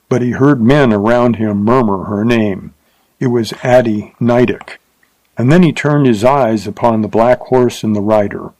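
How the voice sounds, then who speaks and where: A man reading a Western adventure story aloud in a steady, dramatic narration. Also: medium pitch, no room sound, rough recording. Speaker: audiobook narrator.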